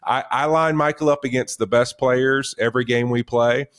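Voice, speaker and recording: A man's voice: medium pitch, moderate pace. A man in his forties co-hosting a casual sports chat, telling stories and acting out quotes. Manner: animated storytelling, acts out quotes. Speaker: podcast co-host.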